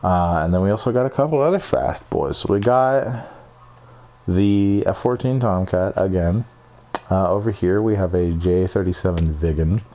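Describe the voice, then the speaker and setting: A man's voice: low-pitched, normal speed, mellow, muffled recording. A young man casually walking through his game builds, rambling, swearing freely and putting down his own work. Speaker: gamer showing off builds. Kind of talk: casual screen-recorded walkthrough.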